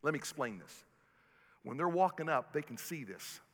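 Male pastor, high bright voice, preaching in reverberant church with faint music; surges loud then drops soft. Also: expressive, moderate pace. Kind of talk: sermon. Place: church sanctuary.

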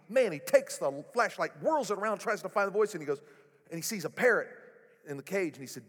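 Male pastor, lively, sermon delivery, slightly raised pitch, echoey sanctuary. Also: brisk. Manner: animated, rising to loud exclamations. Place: church sanctuary. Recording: echoey hall.

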